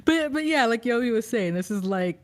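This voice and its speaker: Calm woman guest with a radio-like voice. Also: a little high, a little fast. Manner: calm, even, told she sounds like radio. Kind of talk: casual podcast chat.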